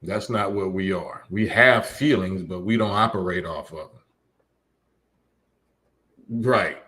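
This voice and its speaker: A livestream host reads chat comments and lectures emphatically, often repeating his points. He has a deep voice and speaks slowly, with a pushed, bright sound.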